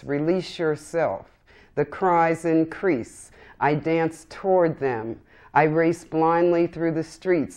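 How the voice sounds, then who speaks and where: A woman poet reads her verse aloud at a live reading, slow and deliberate. Her voice sits low and deep. She delivers each line with solemn, impassioned weight. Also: mellow. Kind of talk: poetry reading.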